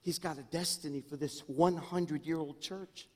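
A middle-aged man preaching a sermon as senior pastor, swinging from hushed, intimate asides to loud, rising exclamations. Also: fairly high pitch, moderate pace. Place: church sanctuary. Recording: long reverb in a church hall.

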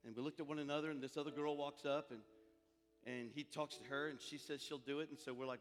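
A male preacher telling a lively, comic story in a sermon, in a large hall with faint music and a long reverb. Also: on the high side, quick pace.

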